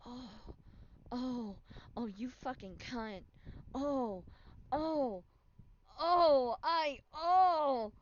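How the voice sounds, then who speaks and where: A woman streamer playing a game, reacting out loud and swearing a lot. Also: high-pitched, very slow, long pauses, muffled recording. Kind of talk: let's-play commentary.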